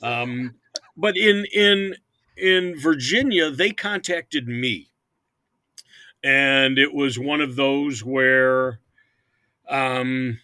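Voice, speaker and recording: Older man, hockey team owner, bright forceful voice, rambling chat, dry close sound. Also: mid-range voice, dry recording. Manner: rambling, repeats words often. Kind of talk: casual interview chat.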